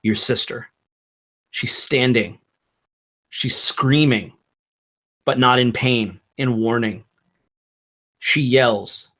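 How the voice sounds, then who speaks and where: A man narrating a tabletop game as game master, in slow, halting narration with fillers. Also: mid-range voice, fairly even intonation, fairly bright tone.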